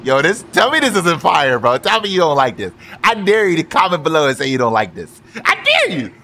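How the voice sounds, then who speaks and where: A man giving loud, profane, excitable commentary over his car game, with quick shouted outbursts. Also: fairly high pitch. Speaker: gaming YouTuber. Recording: noisy game audio behind the voice.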